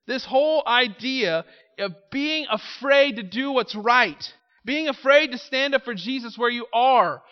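A man preaching a sermon as pastor, reading scripture aloud and commenting, moving from quiet asides to loud emphatic calls. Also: extremely high pitch, animated, unhurried, clear, resonant tone, in a large hall, highs cut off.

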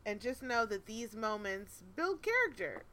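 Bright, animated woman chatting. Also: fairly high pitch, a little slow. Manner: profane, animated, laughs often. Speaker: podcast co-host. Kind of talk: casual chat, storytelling.

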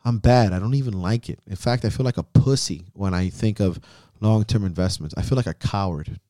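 A man's voice: on the low side, a little fast, mellow, no room sound, clean studio sound. A man hosting a podcast, giving a heavily profane, intense motivational pep talk in a casual chat. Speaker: podcast host.

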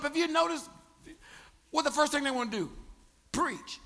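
A man preaching a sermon as pastor, animated, joking and calling on the congregation to respond. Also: extremely high pitch, quick pace, gravelly, big-room sound, a little hiss or hum. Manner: animated preaching with crowd prompts and humor.

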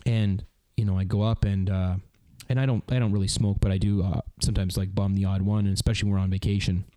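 A man's voice: low voice, flat delivery, fast, warm tone, no room sound. A Canadian man in his thirties hosting a podcast, telling a rambling story with lots of fillers in a casual chat. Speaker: podcast host.

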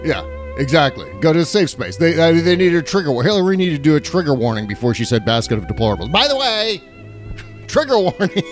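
Fairly high-voiced man, mocking political chat. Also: soft background music. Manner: animated, mocking, quick agreement. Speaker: co-host.

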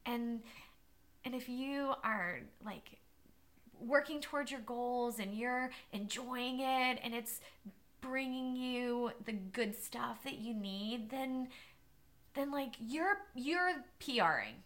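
A woman interview guest talking about running, telling stories in an animated way and often laughing. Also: a little high, takes it slowly. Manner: animated storyteller, laughs often, many restarts. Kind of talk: casual interview conversation.

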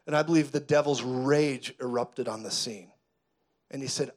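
A man preaching a sermon, telling a story dramatically and building to loud, fervent declarations. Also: medium pitch, moderate pace. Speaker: pastor.

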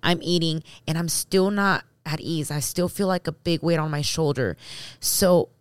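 A woman telling a personal story in a casual, animated way, talking straight to her viewers and her husband. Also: deep voice, normal speed, smooth, no room sound. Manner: animated, talks straight to the audience.

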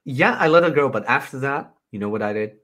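A man's voice: medium pitch, lively intonation, fast talker, a bit bright. A man from the Netherlands, co-hosting a casual podcast and telling stories playfully. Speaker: podcast co-host.

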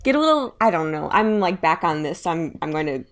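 A woman on a group podcast talks in a quick, animated way. She strings her thoughts together with lots of filler words. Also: low voice. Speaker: podcast panelist. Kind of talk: casual group chat.

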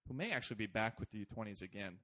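Animated man ranting on a podcast. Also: on the low side, racing. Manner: animated, swearing, jokey rants. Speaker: podcast co-host. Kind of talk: casual soccer podcast banter.

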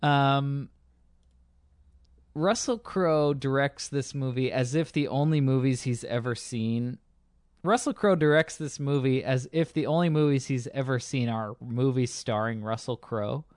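A man's voice: mid-range voice, measured pace, a little mellow, no echo. A man with an ordinary mid-range voice co-hosting a podcast, chatting loosely and cracking jokes between lots of ums and likes. The sound is dry and close to the mic. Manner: loose, joking, filler-heavy. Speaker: podcast co-host. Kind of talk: casual chat.

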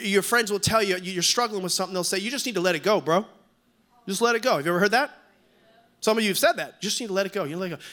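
High, bright-voiced preaching man. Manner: emphatic preaching with call-and-response to the congregation; repeats key lines for stress, some restarts. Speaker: pastor. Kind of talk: sermon.

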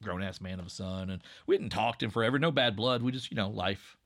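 A man in his forties from Southwest Virginia with an Appalachian accent and a slightly nasal voice, chatting casually in a relaxed, rambling way. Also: lowish voice, a little fast. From Southwest Virginia, USA. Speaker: podcast creator and narrator. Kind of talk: casual conversation.

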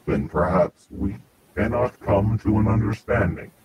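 A man voicing a zealous, arrogant male machine-cult priest villain, speaking in slow, solemn declamations. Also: lowish voice, over a noisy crowd, natural voice, rough recording. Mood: cold.

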